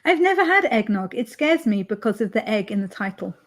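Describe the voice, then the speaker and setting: A woman's voice: mid-range voice, big pitch swings, fairly quick. A woman guest author joining a casual livestream chat, mostly giving brief, agreeable replies.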